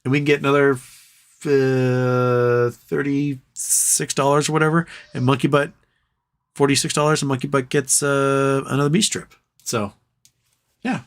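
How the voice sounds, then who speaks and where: A man's voice: mid-range voice, steady tone, measured pace, smooth. A man hosting a casual livestream, reading viewer comments aloud and riffing on them in a loose, joking, profane way. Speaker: livestream host.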